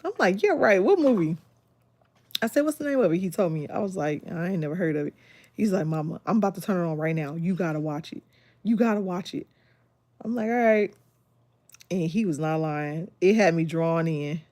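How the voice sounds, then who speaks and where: A woman, chatting casually on a livestream and retelling a movie with lively acted-out quotes. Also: on the low side, a little fast, no room sound. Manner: animated storytelling, acts out quotes with laughter. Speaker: livestream host.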